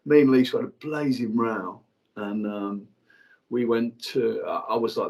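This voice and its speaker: A man in his forties telling a personal story to an audience, frank and halting, with many fillers and restarts. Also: medium pitch, fairly even intonation, darkish tone. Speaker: guest speaker.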